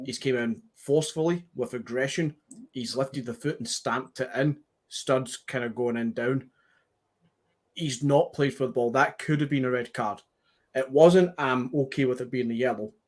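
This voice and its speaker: A man's voice: medium pitch, moderate pace. A man with a Scottish accent, earnestly making his case about a match in casual podcast chat. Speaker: podcast co-host.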